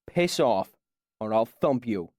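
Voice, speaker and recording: A man narrating an audiobook, voicing a gruff, hostile bald riverman with a slow, threatening drawl. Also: medium pitch, lively intonation, darkish tone, dry recording, clean studio sound.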